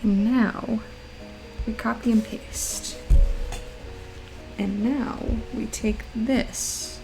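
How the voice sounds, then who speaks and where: A woman speaks extremely slowly in a warm, high, mousy voice with fairly even intonation as she draws live and chats casually. She teases herself playfully, and her voice cracks here and there after recording for a long time. Soft music sits in the background of a low-quality recording.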